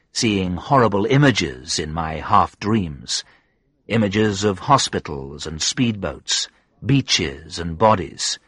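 Deep, husky male audiobook narrator. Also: fairly bright tone, no room sound, studio quality. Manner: measured, sombre storytelling. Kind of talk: first-person audiobook narration.

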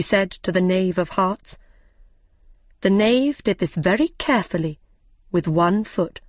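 A woman narrating a storybook in a clear, deliberate, expressive way. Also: medium pitch, no echo, clean studio sound. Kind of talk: slow graded storybook reading.

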